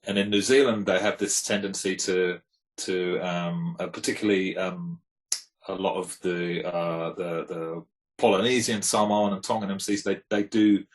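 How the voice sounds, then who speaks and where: A man's voice: low-pitched, fairly even intonation, normal speed, rough recording. A man, talking in a casual, rambling and reflective way as a guest in a conversation. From England. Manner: laid-back, rambling and reflective. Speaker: guest, hip hop producer.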